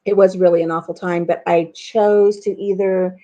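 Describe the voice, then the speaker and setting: A woman's voice: on the low side, fairly even intonation, moderate pace, warm tone, highs cut off. A middle-aged woman hosting a casual live chat with viewers, a chatty storyteller who laughs at herself. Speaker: channel host.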